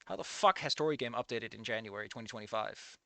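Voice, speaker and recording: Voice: medium pitch, fast talker, gravelly, pushed and bright, slight background noise. A fanfic reader reading aloud with casual, profane, jokey asides and live commentary.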